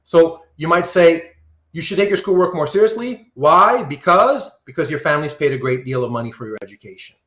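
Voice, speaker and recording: A man teaching an online philosophy class, animated and often checking in with "right?". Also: a little high, brisk, roomy sound. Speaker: philosophy lecturer.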